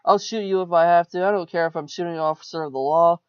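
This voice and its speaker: Man doing a belligerent shouting store owner, higher and louder, muffled lo-fi sound. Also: steady tone, quick pace, smooth, dry recording, natural voice. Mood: yelling, angry. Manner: yelling, belligerent. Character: angry abusive middle-aged male store owner. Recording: muffled lo-fi recording.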